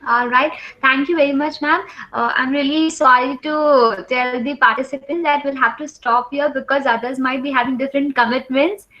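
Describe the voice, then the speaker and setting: A woman's voice: sits high, fairly even intonation, moderate pace, few pauses. A woman moderating a webinar question session, speaking politely and formally. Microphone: video call. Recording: dull webinar audio.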